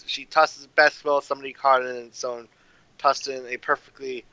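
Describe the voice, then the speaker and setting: A man's voice: mid-range voice, level tone, brisk, bright, forceful tone, clear, resonant tone, no room sound, highs cut off. A man in casual film discussion, talking loosely with lots of fillers and wry asides.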